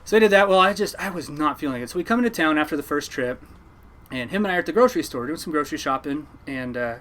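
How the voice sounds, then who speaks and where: A man, a fishing boat captain, telling stories from his life at sea to a podcast host in a lively, laughing way. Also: fairly high pitch, quick pace. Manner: animated yarn-spinner, laughing at his own story. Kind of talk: casual storytelling.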